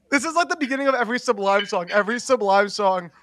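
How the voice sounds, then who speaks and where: A man's voice: high voice, fairly bright tone, slight background noise. A young man co-hosting a podcast, rambling and giggly with lots of fillers. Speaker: podcast co-host. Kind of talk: casual chat.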